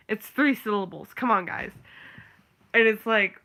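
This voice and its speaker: A woman's voice: medium pitch, moderate pace, sharp tone. A young woman vlogging in a loose, rambling chat, full of fillers and little rants. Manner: rambling, filler-heavy, ranting. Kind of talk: casual chat.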